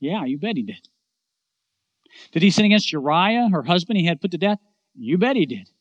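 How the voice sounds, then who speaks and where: Earnest high-voiced male preacher. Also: dry recording. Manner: earnest preaching that swings from loud emphasis to hushed, low endings. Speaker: pastor. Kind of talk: sermon.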